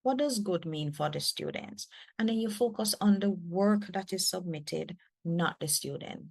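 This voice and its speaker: A woman faculty developer with a Jamaican accent, giving a lively training talk to teachers with emphatic, repeated phrases. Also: on the low side, measured pace, gravelly, dry recording. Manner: animated, emphatic, repeats words.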